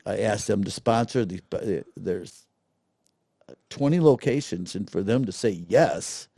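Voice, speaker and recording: A man's voice: lowish voice, a little slow, no room sound, studio quality. A middle-aged man, telling stories in a casual interview and acting out the voices of people he quotes. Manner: animated storyteller, acts out quotes. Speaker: guest, festival director.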